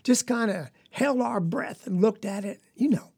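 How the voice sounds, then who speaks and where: This woman's voice is fairly high, husky, and darkish in tone, moving at a moderate pace. With a Southern US accent, she delivers an earnest dramatic monologue as a young farm girl whose story wanders along in a folksy, confiding manner.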